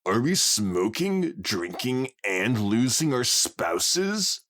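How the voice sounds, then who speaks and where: A man's voice: medium pitch, sing-song, slow, a bit bright. A man voicing a brash tomboy pony girl who talks in a cocky, taunting way.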